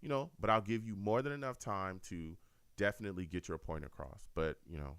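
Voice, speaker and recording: A man hosts a fan call-in show with a very low, deep voice. He talks to listeners in an animated, repetitive way. The sound is dry and close, with no room echo. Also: brisk, clear, resonant tone. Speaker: host of a fan radio show. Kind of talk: casual call-in show talk.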